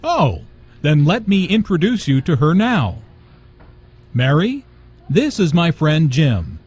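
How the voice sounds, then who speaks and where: A man playing a friendly guy, slightly husky. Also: a little high, sing-song, slow, darkish tone, exaggerated voice. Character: friendly adult man in everyday dialogue. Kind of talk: scripted dialogue for learners.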